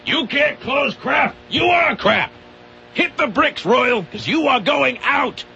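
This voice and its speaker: A man voicing a furious car-sales boss who yells slow, high insults. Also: lively intonation, creaky, slight background noise, heavily acted. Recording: muffled lo-fi radio broadcast.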